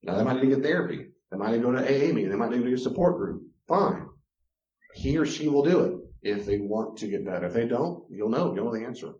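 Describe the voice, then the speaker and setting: A man's voice: lowish voice, warm tone. A man teaching about relationships, acting out quoted voices and chuckling often. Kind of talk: teaching talk with acted-out examples. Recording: roomy, dull lo-fi recording.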